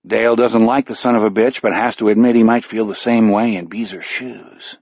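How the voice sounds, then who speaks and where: A male narrator reads a dark novel in a measured, grim style. His voice sits low. The sound is dull and very dry, as if close to the mic in a treated booth. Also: fairly even intonation, no echo. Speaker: audiobook narrator. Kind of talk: scripted narration. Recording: dull, dry studio audio.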